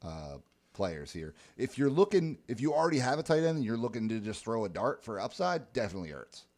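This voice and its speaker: A man's voice: medium pitch, very animated, brisk, a little mellow. A man co-hosting a casual fantasy football podcast, laid-back and joking, often trailing off with ums. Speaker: podcast co-host. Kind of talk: casual chat.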